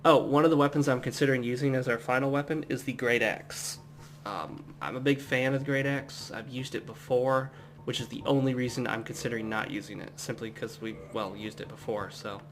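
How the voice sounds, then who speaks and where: Relaxed man rambling over gameplay. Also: mid-range voice, brisk. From United States. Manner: relaxed, rambling, chatty asides. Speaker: gameplay commentator. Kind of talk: casual let's-play commentary.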